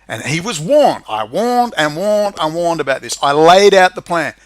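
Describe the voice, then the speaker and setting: A man's voice: on the high side, expressive, normal speed, no echo. A man hosting his own online show, delivering an angry, profane, rambling monologue. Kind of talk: ranting monologue.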